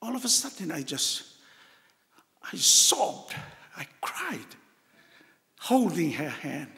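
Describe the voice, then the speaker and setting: An older man with a Tongan accent, a cardinal telling a personal story with heartfelt emotion and pauses. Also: on the high side, very animated, vocal fry, pushed and bright, long reverb tail. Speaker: cardinal giving a talk. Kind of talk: personal testimony talk.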